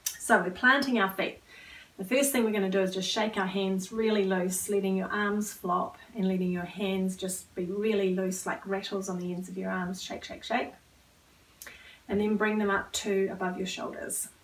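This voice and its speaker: A woman trainer calmly leading listeners through a guided movement exercise, at times dropping to a near whisper. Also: mid-range voice, moderate pace, far from the mic, poor audio. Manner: calm, coaching, drops to a near whisper at times. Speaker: wellbeing trainer.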